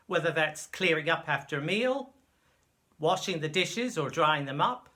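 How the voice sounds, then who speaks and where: A man presenting a slow, clear school lesson video for children. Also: a little high. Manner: slow, clear, lively teaching voice. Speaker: teacher.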